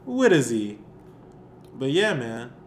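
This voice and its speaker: A man's voice: medium pitch, sing-song, slow pace, a little hiss or hum. A young man co-hosting a podcast in casual chat, joking and restarting his sentences. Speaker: podcast co-host.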